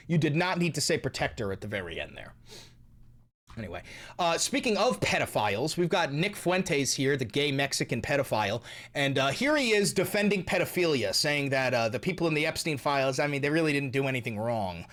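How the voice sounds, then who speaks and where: A young man hosting a commentary vlog, swearing freely and mocking his subjects. His voice sits a little high and swings widely up and down as he rants. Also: sing-song, a little fast, a bit bright. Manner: profane, heated and mocking. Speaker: host.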